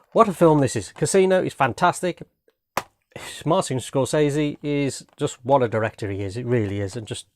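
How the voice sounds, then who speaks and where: A man's voice: mid-range voice, darkish tone, a little hiss or hum. A man chatting casually at home, enthusiastic and rambling, often repeating himself. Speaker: home video host reviewing films. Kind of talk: casual chat. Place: home room.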